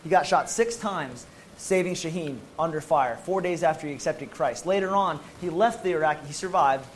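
American man, former Marine, slightly high voice, emphatic testimony storyteller. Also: moderate pace, slight background noise, rough recording. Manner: animated, emphatic storytelling with casual slang. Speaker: former Marine medic telling his story. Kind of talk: personal testimony to an audience.

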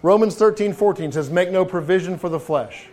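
A pastor preaches a conversational sermon in a high, fairly quick, slightly mellow voice. He often restarts his phrases, repeats words, and poses rhetorical questions to his listeners.

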